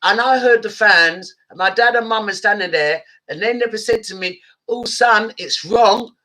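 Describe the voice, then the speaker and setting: A woman's voice: medium pitch, moderate pace, sharp tone. A woman hosting a radio show, speaking passionately and heatedly. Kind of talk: impassioned show chat.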